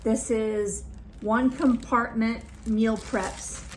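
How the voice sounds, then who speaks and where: A woman's voice: fairly high pitch, level tone, drawn-out words, slight background noise, low-quality recording. A woman unboxing a returns box on her vlog, talking in a snarky, annoyed way. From California.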